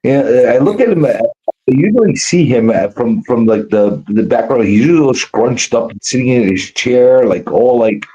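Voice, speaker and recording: A tired man rambling in a casual, profane livestream chat, sounding rough from no sleep and cigarettes. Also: medium pitch, lively intonation, normal speed, dark tone. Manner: rambling, profane, full of restarts and fillers. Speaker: guest on a livestream. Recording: dull lo-fi stream audio.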